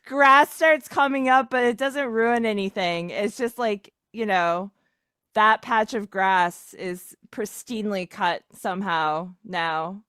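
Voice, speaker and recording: A woman's voice: mid-range voice, fairly even intonation, takes it slowly, a bit bright, clean tone, no echo, studio quality. A woman narrating a tabletop game as game master, chatty and often laughing. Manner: giggly, chatty, narrating with lots of fillers.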